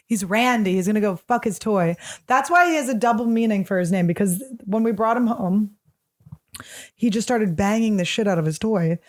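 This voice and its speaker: A woman hosting a comedy podcast alone, telling crude, animated, self-mocking stories in a casual monologue. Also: medium pitch, a little fast. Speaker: podcast host.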